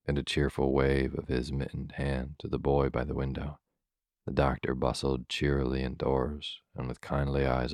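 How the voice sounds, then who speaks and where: Super deep guy reading a sleepy bedtime story, totally flat and steady, dry close sound. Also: no room sound. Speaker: narrator.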